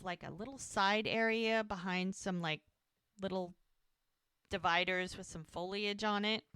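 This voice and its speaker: A woman's voice: mid-range voice, fairly bright tone, smooth, no room sound. A woman co-hosting a podcast, casually retelling a TV episode and acting out the characters' lines with lots of "like". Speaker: podcast co-host.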